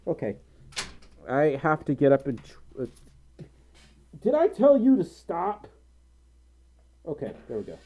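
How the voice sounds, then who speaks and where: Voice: medium pitch, wildly swooping pitch, a little slow, pauses often, phone-quality sound. A live streamer chatting casually and reading out donations, giggling, rambling and running themselves down. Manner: giggly, rambling, flustered, self-deprecating.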